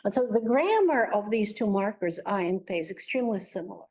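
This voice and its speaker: A woman's voice: mid-range voice, expressive, a little fast, darkish tone, a little hiss or hum. A woman giving an academic linguistics lecture as a guest speaker, explaining step by step with frequent "uh" and "um" fillers.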